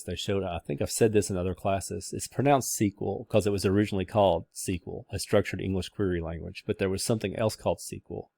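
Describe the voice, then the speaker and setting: Low-voiced man giving a rambling lecture. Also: gravelly, darkish tone, no room sound. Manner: casual, rambling, with many fillers and restarts. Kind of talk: recorded class lecture.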